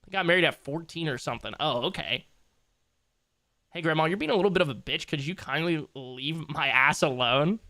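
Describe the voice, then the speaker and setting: A man's voice: a little high, fairly quick, sharp tone. A young man livestreaming, chatting casually with his viewers in a loose, joking, slangy way and laughing easily.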